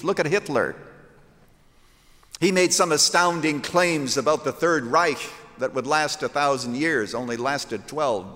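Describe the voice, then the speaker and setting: An older man delivers a sermon in a raised, fairly high voice, with strong emphasis and rhetorical questions. He quotes scripture in old-fashioned wording. His voice carries a long reverb from a large hall. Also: fairly bright tone. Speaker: preacher.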